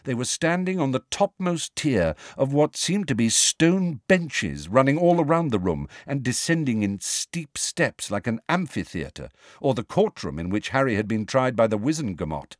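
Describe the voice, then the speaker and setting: A man narrating an audiobook with an expressive, steady reading. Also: mid-range voice, normal speed, no room sound, clean studio sound.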